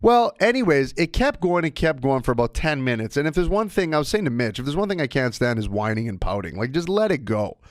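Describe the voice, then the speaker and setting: A man's voice: quick pace, few pauses, dry recording, clean studio sound. A man hosting a sports podcast on his own, talking casually and telling stories with big swings in his delivery. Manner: animated storyteller with wide swings of pitch. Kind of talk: casual solo podcast monologue.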